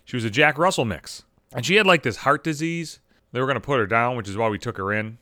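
A man hosting a podcast, ranting with constant swearing, swinging between exasperated high-pitched outbursts and low mutters. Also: expressive, quick pace, sharp tone, no echo, clean studio sound. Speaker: podcast host. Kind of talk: profane comedic rant.

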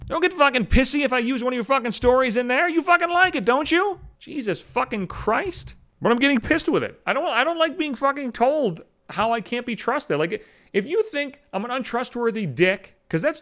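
A man rants alone on his podcast at a rapid clip, his voice sitting high and swinging widely from line to line. He swears heavily and slips into mocking voices when he quotes people. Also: fairly bright tone. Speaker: podcast host. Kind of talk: profane solo rant.

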